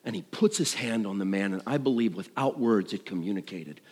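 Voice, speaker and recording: A middle-aged man preaching a sermon, swinging between loud and hushed. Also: on the low side, a little fast, few pauses. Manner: animated, dramatic shifts between loud and hushed. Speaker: pastor. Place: church sanctuary. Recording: long reverb of a large hall.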